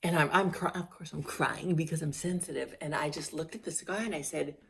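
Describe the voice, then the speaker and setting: A middle-aged woman speaking to her camera in a loose, personal storytelling way. Her voice sits a little low for a woman, and she talks candidly and with feeling, stumbling into restarts and letting phrases trail off. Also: fairly quick, vocal fry, slightly rough. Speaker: vlogger.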